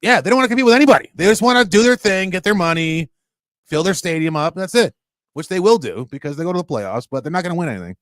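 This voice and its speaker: A man co-hosting a sports radio show, talking in a casual, animated and self-mocking way, often laughing. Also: high-pitched, fast talker, no echo.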